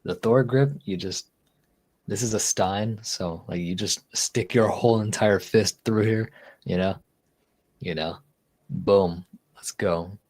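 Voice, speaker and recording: A man's voice: lowish voice, takes it slowly, a little mellow. A man hosting a livestream in casual chat, tipsy, rambling and joking, laughing often. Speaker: livestream host.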